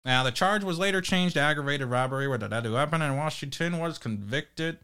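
A man's voice: fairly high pitch, brisk, bright, forceful tone, clean tone. A man with a New Jersey accent hosting a parody podcast, reading articles aloud with stumbles and crude jokes. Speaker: podcast host.

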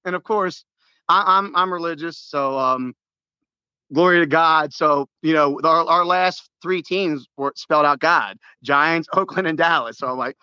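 A man telling a sports story in casual chat, excitable and full of restarts, acting out his own shouts. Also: on the high side, measured pace, smooth, no room sound, highs cut off. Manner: many restarts and repeated words.

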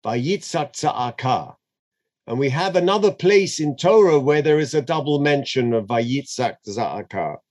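Animated man chanting and explaining scripture. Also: mid-range voice, measured pace. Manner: chants Hebrew verses then translates, dramatic and expressive. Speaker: Torah teacher. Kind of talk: animated text study lesson.

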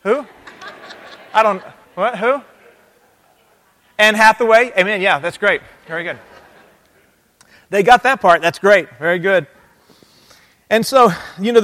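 A man preaching in a church sanctuary, his fairly high voice echoing off a large, reverberant hall. He is animated and keeps calling on the congregation to answer him. He reads from a summary as he goes. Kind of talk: interactive sermon.

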